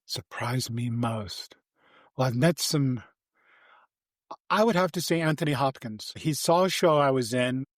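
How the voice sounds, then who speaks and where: An older man sits as a podcast guest and spins animated, rambling anecdotes, circling back and restarting his sentences. His voice sits at an ordinary pitch. The sound is close and dry, with no room around it. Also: unhurried, pauses often, no room sound. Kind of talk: casual interview storytelling.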